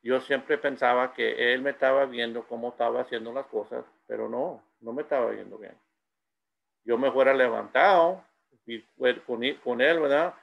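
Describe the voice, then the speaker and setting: Switching back and forth between English and Spanish, a middle-aged man presenting at a school tells anecdotes in a fairly quick, creaky, medium-pitched voice. The audio is dull.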